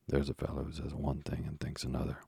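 A man's voice: very deep voice, completely flat delivery, fast talker, gravelly, dark tone, slightly rough, no echo, studio quality, heavily acted. A man voicing an earnest, generous young sailor son in a storybook reading.

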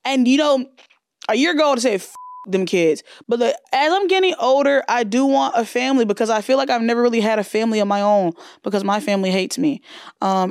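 A woman hosting her own podcast, chatting in a brash, profane, animated way. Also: medium pitch, clean tone, dry recording, studio quality. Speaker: podcast host. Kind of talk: casual solo podcast chat.

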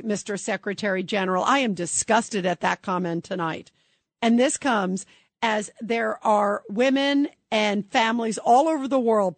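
Woman, talk radio host, emphatic and indignant, mid-pitched, dry studio mic. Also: no room sound.

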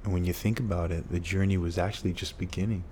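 Deep-voiced man telling an emotional story. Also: steady tone, fast, a little mellow, slight background noise. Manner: emotional, earnest, lots of repetition. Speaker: guest, former pro football player. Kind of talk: storytelling in an interview.

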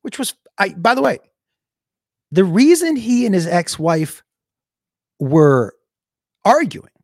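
A man's voice: fairly high pitch, dry recording, studio quality. A male comedian telling a profane, digressive story in a casual chat with viewers. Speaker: comedian and show host.

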